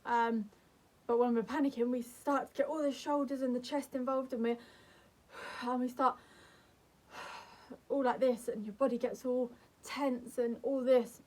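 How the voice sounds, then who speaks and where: A young woman vlogger giving calm, earnest advice to camera in a gentle, soothing way. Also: fairly high pitch, measured pace. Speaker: mental health vlogger.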